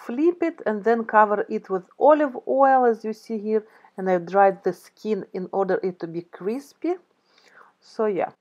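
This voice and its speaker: A woman's voice: medium pitch, darkish tone, highs cut off. A woman hosting a casual family vlog, chatty, with slightly non-native phrasing. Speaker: vlog host.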